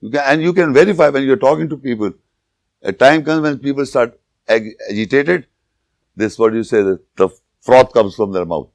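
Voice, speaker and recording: A man giving an informal religious lecture, telling jokes and anecdotes and pausing to search for words. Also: mid-range voice, no echo. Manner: anecdotal, joking, with searching pauses and restarts. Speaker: Islamic lecturer.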